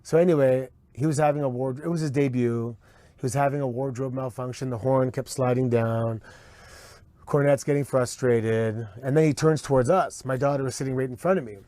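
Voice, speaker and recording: A man telling his side of a story in a casual interview, relaxed with small restarts. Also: medium pitch, a little fast, no echo. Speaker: interview guest.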